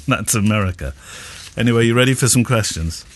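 A man's voice: on the low side, normal speed, a little hiss or hum. A man co-hosting a podcast, rambling and chuckling as he corrects himself. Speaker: podcast co-host. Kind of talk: casual podcast chat.

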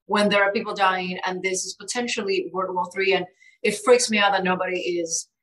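A woman co-hosting a casual talk show, earnest and emphatic, quick to argue back. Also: medium pitch, fairly even intonation, fairly bright tone, poor audio. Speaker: co-host. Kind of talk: casual chat.

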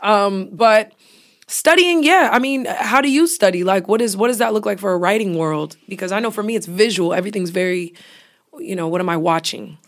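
A woman's voice: medium pitch, brisk. A woman co-hosting a casual podcast chat, an actor and impressionist who talks animatedly and keeps dropping into mimicked voices. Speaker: podcast co-host.

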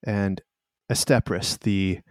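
A man narrating as game master of a tabletop game, halting with many fillers. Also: low-pitched, fairly even intonation, dry recording, studio quality. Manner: halting, filler-heavy, laughs often.

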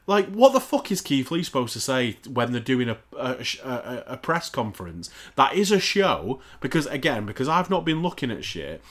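A man's voice: mid-range voice, big pitch swings, normal speed, few pauses, a bit bright. Man, podcast co-host, exasperated, sarcastic, swears a lot, casual rant. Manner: heavily profane, exasperated, sarcastic ranting.

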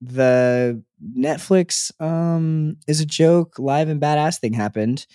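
A man's voice: on the high side, takes it slowly, mellow, smooth, dry recording, studio quality. A young adult man co-hosting a podcast in casual chat, rambling and playful with frequent restarts. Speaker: podcast co-host.

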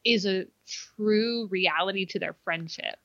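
Bright, chatty woman with a dull lo-fi sound. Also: medium pitch, unhurried, dry recording. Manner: chatty, swears freely, acts out quotes. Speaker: podcast co-host. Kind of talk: casual recap chat about a TV show.

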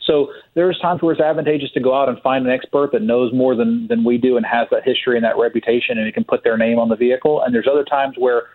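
A man's voice: mid-range voice, fairly even intonation, quick pace, few pauses. A man on a podcast as a guest from a truck maker, telling stories in a drawling, hearty way. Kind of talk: casual podcast chat. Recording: tinny phone line.

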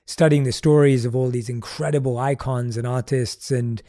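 A man's voice: mid-range voice, fairly even intonation, normal speed, dark tone. A man hosting a podcast interview, an affirming listener who answers often with "yeah" and "wow". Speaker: podcast host. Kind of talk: casual interview chat.

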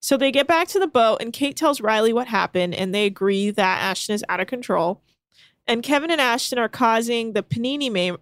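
A woman's voice: on the high side, dry recording. A young woman co-hosting a casual podcast, animatedly retelling a reality show and acting out the people in it. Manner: animated storytelling with quoted voices. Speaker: podcast co-host recapping a show. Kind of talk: casual chat.

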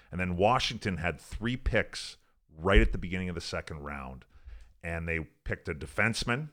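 Deep voiced ex hockey guy from alberta, swears a lot, keeps saying "like", just chatting. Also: animated, normal speed, fairly bright tone. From Alberta, Canada. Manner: profane, rambling, frequent "like" and "I'm like". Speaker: guest, former pro hockey player. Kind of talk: casual storytelling interview.

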